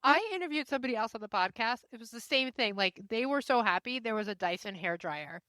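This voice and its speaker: A woman hosting a podcast, chatting casually and asking curious questions with quick interjections. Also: fairly high pitch, animated, pushed and bright, no echo. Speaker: podcast host.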